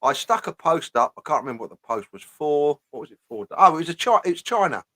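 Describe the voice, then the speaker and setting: Casting: blunt man, mid-pitched, dry close sound, casual ranting host. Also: very animated, fast talker, sharp tone, no echo. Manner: blunt, swears often, repeats "you know what I mean".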